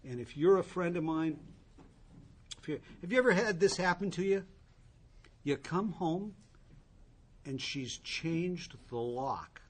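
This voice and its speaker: A man's voice: a little high, expressive, unhurried, pauses often, slight background noise. A man telling his own recovery story to a group, candid and wry, with asides to the listeners. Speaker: recovery speaker.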